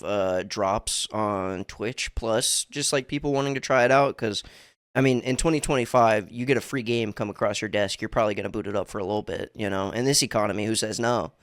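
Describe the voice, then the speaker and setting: A man's voice: fairly low pitch, clean tone, no echo, clean studio sound. A man co-hosting a casual podcast, rambling with lots of fillers and swearing. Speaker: podcast co-host. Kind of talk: casual chat.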